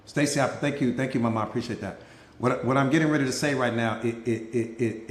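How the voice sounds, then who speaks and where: A man's voice: medium pitch, fast, roomy sound. A man giving a live motivational talk as a mindset coach, emphatic and preachy, repeating key lines and bantering with people in the audience by name.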